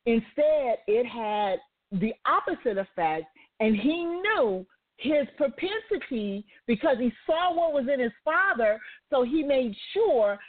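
A woman's voice: high voice, very animated, slow pace. A woman hosting a talk radio show, retelling a story with asides and turning it into a faith-based lesson. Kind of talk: motivational talk radio monologue. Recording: tinny phone-like line.

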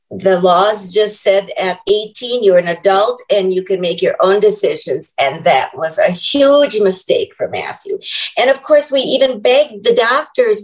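An older woman, an author, speaks as an interview guest in a reflective, measured and earnest way. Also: on the high side, rough recording. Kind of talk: conversational interview.

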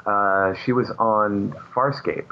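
A man's voice: lowish voice, steady tone, slow pace, gravelly, lo-fi sound. A man who is a comic book artist, a guest chatting casually and rambling with many fillers. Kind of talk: casual chat.

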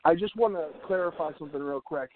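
A man's voice: on the high side, fast, a little hiss or hum. A man hosting a live radio show in a casual, joking, rambling way, with lots of fillers and restarts. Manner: jokey, rambling, with many fillers. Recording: tinny phone-like line, dry.

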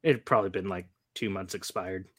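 A man from Northern California co-hosting a podcast, telling a story with lots of animation and acted-out quotes. His voice is bright and forward. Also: deep voice, brisk, slightly rough. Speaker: podcast co-host. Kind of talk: casual storytelling.

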